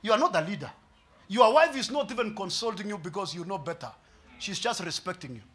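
High, bright preacher. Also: male voice, a little fast. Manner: animated preaching, swinging from hushed to shouting; mixes English and Swahili with humor. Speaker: pastor. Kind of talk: sermon.

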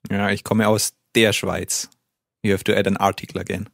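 A man's voice: fairly low pitch, little pitch movement, moderate pace, vocal fry, fairly bright tone, dry recording, clean studio sound. A man teaching in a language lesson podcast, modelling phrases steadily for the learner. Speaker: native-speaker teacher.

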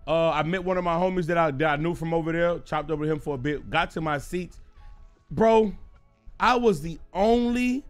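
A young man with a high voice spins a casual livestream story, animated and full of cursing. Faint music plays behind him while he talks. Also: moderate pace. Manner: animated, profane, excitable storytelling. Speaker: streamer.

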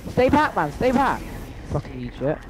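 A man's voice: high-pitched, very animated, moderate pace, slight background noise. A teenage boy gaming online, swearing often and barking orders at his teammate. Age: teens. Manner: swears a lot, bossy and frantic over the game. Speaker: gamer. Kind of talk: casual gameplay commentary.

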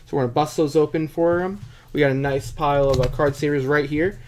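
A man runs a live card-breaking stream, joking and poking fun at himself in easy chatter while his throat sounds dry. His voice is a little high and a little mellow, fairly even in intonation and slightly quick, with faint background noise.

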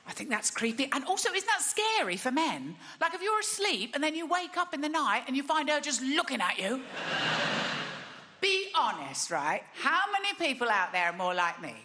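A woman's voice: sits high, very animated, normal speed, sharp tone, long reverb tail. A woman comedian performing a wry, chatty stand-up routine on a large theatre stage. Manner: wry, conversational, chatty asides.

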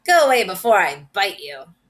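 A woman voicing a mean big male dog in a read-aloud storybook, gruff and yelling. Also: mid-range voice, sing-song, moderate pace.

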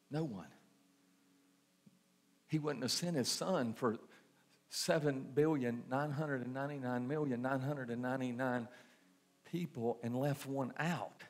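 A man preaching a sermon, repeating phrases and asking the congregation questions. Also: mid-range voice. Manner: preaching with repetition and rhetorical questions. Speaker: pastor.

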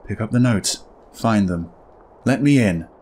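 A man reading aloud the lines of a grieving dead wife from a game, in a soft, hushed voice. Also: on the low side, lively intonation, unhurried, a little hiss or hum. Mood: hushed, accusing.

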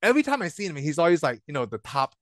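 A man's voice: fairly high pitch, big pitch swings, racing, a bit bright, slight background noise. A man co-hosting a casual podcast about movies, rambling and laughing often as he trails off mid-sentence. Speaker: podcast co-host. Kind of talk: casual movie review chat. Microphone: own microphone, remote call.

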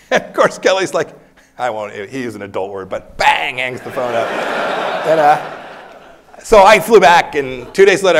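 A middle-aged man speaks from a university lecture hall in a plain mid-range voice. He answers audience questions candidly and slips into animated anecdotes, laughing as he goes. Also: medium pitch. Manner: candid, anecdotal, laughs while telling stories. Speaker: former secretary of state, guest speaker. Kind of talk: campus lecture Q&A, storytelling.

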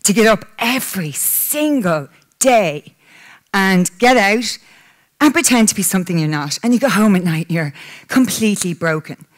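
An Irish woman in her 30s gives a personal talk to a live audience in a conference hall, her medium-pitched voice expressive and at a normal speed. She is candid and emotional, with a tearful edge, and sometimes breaks into laughter.

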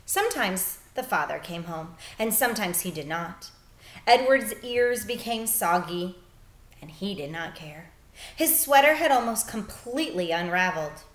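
A woman's voice: mid-range voice, normal speed, roomy sound. Woman reading a storybook aloud. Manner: expressive storytelling, soft and hushed in sad parts. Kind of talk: children's book read-aloud.

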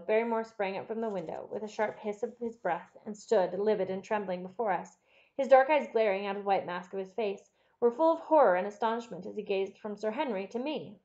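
A woman narrating a classic novel as an audiobook, in a measured, expressive storytelling manner. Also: medium pitch, muffled recording.

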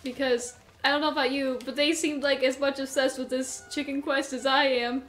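A young woman with a high, bright voice narrates her own game run as she plays. She is excitable, breaking into panicked shrieks when things go wrong, then drifting into rambling, self-mocking chatter with laughs. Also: moderate pace. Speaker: gameplay commentator. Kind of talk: let's play commentary.

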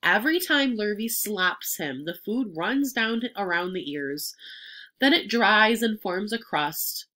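A woman's voice: mid-range voice, expressive, measured pace, bright, forceful tone. A woman reading aloud and voicing a determined farm wife with a firm, matter-of-fact manner.

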